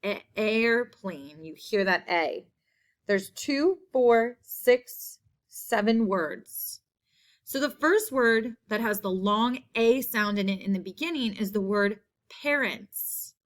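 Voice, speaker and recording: A woman teacher giving a spelling lesson to children, slow and patient, repeating each word clearly. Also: medium pitch, animated.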